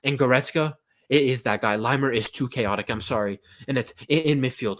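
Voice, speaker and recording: A man's voice: mid-range voice, brisk, a bit bright. Man, impassioned mock locker-room pep talk, pleading, swearing. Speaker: football fan vlogger.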